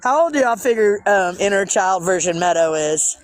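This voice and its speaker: A woman's voice: mid-range voice, lively intonation, moderate pace. A woman chatting on a casual livestream outdoors by a creek, talking into a handheld phone in a playful, childlike way. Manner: playful, giggly, childlike banter. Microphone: phone held in hand.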